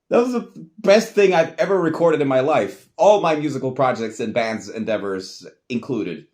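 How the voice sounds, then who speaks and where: Medium in pitch and somewhat dark in tone, this man's voice comes through a noisy home recording dotted with clicks. The vlogger rambles casually, swearing offhandedly while trying out old recording gear.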